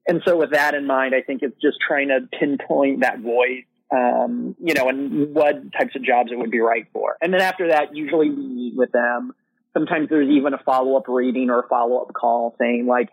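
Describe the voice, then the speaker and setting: Husky man on a tinny line. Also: medium pitch, steady tone, moderate pace, no echo. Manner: casual, many fillers like "you know" and "like". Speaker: literary manager. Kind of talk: podcast interview answers. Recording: dry, thin phone-line sound.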